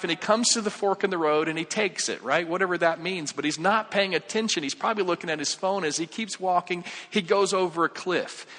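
A man's voice: high voice, pushed and bright, long reverb tail. A male pastor preaching casually, joking with the congregation and acting out the voices in his stories. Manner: conversational, jokey, acts out quoted voices. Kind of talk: sermon with acted-out story.

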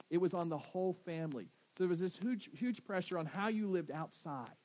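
Southern pastor, male, slightly high voice, chatty sermon delivery that quizzes the room. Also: darkish tone, poor audio. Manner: conversational preaching, asks the congregation questions.

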